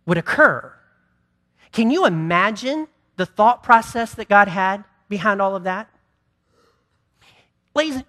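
Bright-voiced male pastor preaching. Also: high voice. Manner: impassioned preaching, then quieter and conversational. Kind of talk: sermon.

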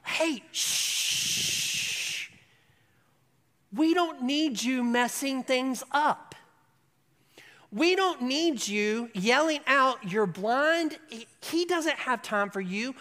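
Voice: sits high, lively intonation, slow pace, fairly bright tone, pitched above the performer's own voice, heavily acted. Bossy townsfolk hiss and shush a beggar in a raised, pinched voice, as a preacher puts them on mid-sermon. The sound rings with a long hall reverb. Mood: scolding. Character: scolding townspeople hushing a beggar.

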